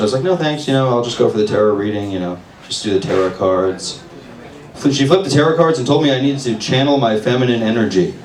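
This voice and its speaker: A man in his twenties doing a stand-up set at an open mic, crude and self-deprecating in a sardonic way. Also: mid-range voice. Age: 20s. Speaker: stand-up comedian. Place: open mic in a bar room with audience. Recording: echoey room, distant mic, crowd laughter. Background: audience laughing.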